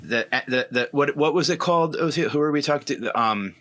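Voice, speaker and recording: Easygoing male podcast host, bright tone. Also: fairly high pitch, moderate pace. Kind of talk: casual conversation.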